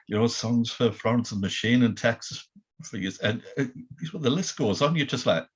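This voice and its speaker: A man's voice: mid-range voice, animated, normal speed, husky, muffled recording. A man hosting an interview, laid-back and chuckling, with plenty of fillers. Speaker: interview host. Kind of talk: casual interview chat.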